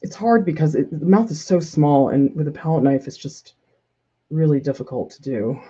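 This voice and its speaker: A woman art teacher talks through a live painting demo in a relaxed, self-critical way, laughing now and then as she answers viewers. Her voice sits on the low side, and the recording sounds slightly dull and lo-fi. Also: normal speed, slightly rough. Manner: casual, self-critical thinking aloud, laughs often. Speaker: art professor. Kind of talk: live painting demonstration with chat questions.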